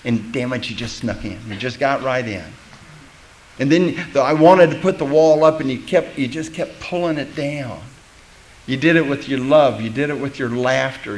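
A man's voice: mid-range voice, rough recording. A man giving a personal testimony at a recovery meeting, telling his story candidly and with self-mocking humor, acting out the voices of people he quotes.

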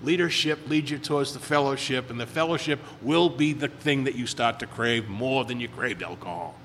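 A man's voice: medium pitch, moderate pace, fairly bright tone, in a large hall, a little hiss or hum. A man in recovery telling stories at a meeting, rambling and repeating words as he acts out quotes in a casual way. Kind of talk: casual storytelling talk.

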